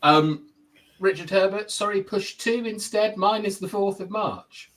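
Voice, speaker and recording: On a rough recording, a man with a high-pitched voice speaks a little slowly while hosting a live football chat stream. Lively and chatty, he reads out viewer comments and laughs often in a casual back-and-forth.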